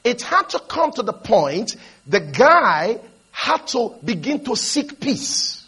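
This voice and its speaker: Guy preaching real high, husky and bright, gets the crowd to say stuff back, shouts the big points. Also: sing-song, slow pace. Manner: exhorting, leads the congregation to repeat lines; storytelling, builds to shouted emphasis. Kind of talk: sermon with call-and-response.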